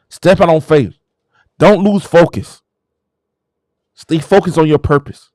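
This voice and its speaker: A man hosting his own show, delivering a fervent, preaching-style motivational talk that swings from low murmurs to shouted exclamations. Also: a little slow, long pauses, no echo. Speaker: show host.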